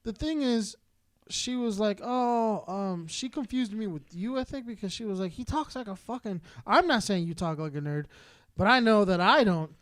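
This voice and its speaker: A man from Southern California rants on a casual podcast in a heated, rambling stream. His voice sits high, and he swears constantly. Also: expressive, moderate pace, a bit bright. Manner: profane, heated, rambling rant. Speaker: podcast co-host.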